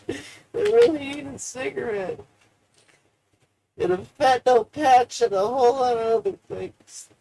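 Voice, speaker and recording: Gravelly, slow, profane live-streamer. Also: sing-song, slight background noise. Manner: profane, rambling, emotional; swings between low mutters and loud outbursts. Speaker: livestreamer. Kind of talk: rambling live-stream monologue.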